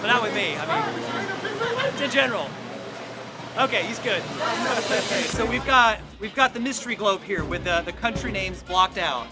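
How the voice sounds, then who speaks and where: A man's voice: high-pitched, sing-song, normal speed. A man presenting a playful street video, teasing people he meets with an upbeat, exaggerated delivery. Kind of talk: playful street vox pop. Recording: outdoor street with music and crowd.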